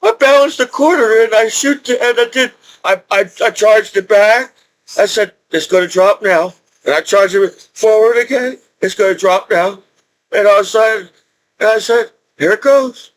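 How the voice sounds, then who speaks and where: High-voiced rambling man telling stories. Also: moderate pace, rough recording. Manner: rambling, repetitive, restarts often, excitable. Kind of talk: rambling casual storytelling.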